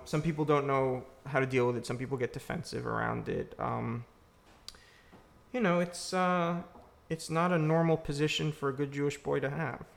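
A man with a gravelly, creaky edge to his mid-pitched voice takes questions from an audience after a screening. He talks in a casual, reflective way, often pausing to search for his words. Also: fairly bright tone, a little hiss or hum. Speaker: filmmaker answering audience questions. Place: church used for a screening.

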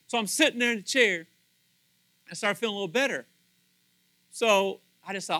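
A male pastor preaching a sermon in an animated, conversational way, often repeating words and acting out what others say. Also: high voice, a little fast, long pauses, no echo, poor audio.

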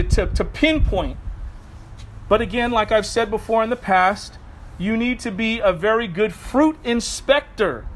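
High-voiced man preaching a casual sermon. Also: slight background noise, low-quality recording. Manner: conversational, animated, self-correcting asides. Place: outdoors.

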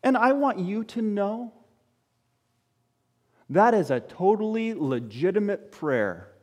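A man preaching a sermon to his congregation, firing off rhetorical questions and swinging between loud exclamations and quiet, low asides. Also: very animated, slow, big-room sound. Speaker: pastor.

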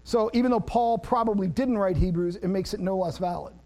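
Male pastor with a high voice, animated and self-deprecating in his stories, plain when teaching. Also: brisk. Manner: animated, self-deprecating storyteller who laughs at himself; shifts to plain teaching about scripture. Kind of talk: sermon with personal storytelling.

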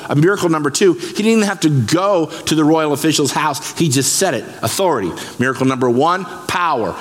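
A man pastor preaching a sermon, lively and emphatic, breaking scripture down word by word. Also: a little high. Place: church sanctuary. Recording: long reverb of a church hall.

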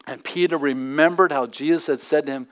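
A man's voice: a little high, a little fast. A man preaching a sermon as pastor in a church, in a conversational style, acting out the people he speaks about.

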